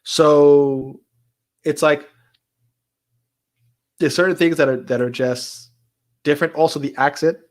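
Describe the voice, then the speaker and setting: A man hosting a live stream in a casual, chatty way, laughing often and repeating words as he talks. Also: medium pitch.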